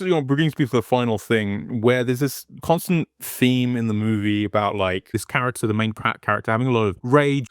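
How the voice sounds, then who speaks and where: A man's voice: mid-range voice, dry recording. Profane ranting man, dry sound. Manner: heated, profane, swears constantly. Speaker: video essay host. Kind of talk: casual profane rant.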